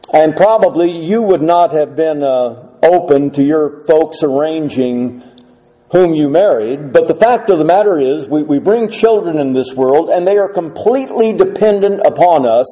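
A middle-aged man preaching a sermon, earnest and measured, asking the listeners rhetorical questions. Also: high voice, mellow, rough recording. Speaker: pastor.

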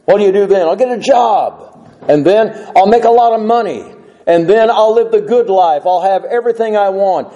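Man doing boastful young student, raised pitch, mellow tone, story read aloud. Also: lightly acted. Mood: eager. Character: eager ambitious young male law student.

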